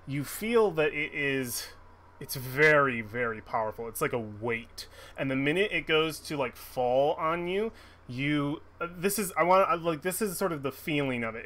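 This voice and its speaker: A man's voice: mid-range voice, a bit bright. A man narrating a tabletop game as game master, rambling with many restarts. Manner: rambling, full of restarts and fillers.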